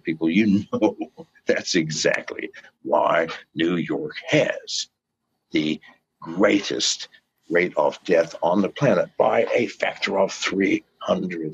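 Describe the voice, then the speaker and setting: An older man giving an interview, fiery and profane, swinging from low mutters to shouted pleas. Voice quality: gravelly and husky. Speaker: guest. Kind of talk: impassioned interview rant. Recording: dull lo-fi call audio.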